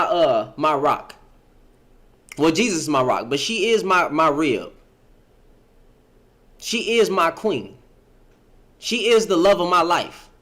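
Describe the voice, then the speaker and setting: A middle-aged man with a high, lively voice speaks in an emphatic commentary style. He keeps asking his audience pleading rhetorical questions, and his pitch swings widely from phrase to phrase. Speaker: reaction video host.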